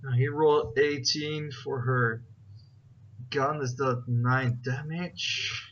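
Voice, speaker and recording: A man's voice: medium pitch, fairly even intonation, slow, fairly bright tone. A man narrating as game master, rambling with many fillers and checking rules aloud as he goes. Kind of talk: narrating a tabletop game over voice chat. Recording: dull, lo-fi voice chat with faint noise.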